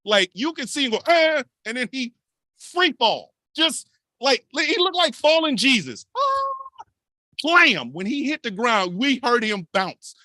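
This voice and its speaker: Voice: mid-range voice, moderate pace, no room sound, clean studio sound. A podcast co-host telling a wild story with lots of swearing. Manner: animated, profane storytelling. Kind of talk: casual storytelling.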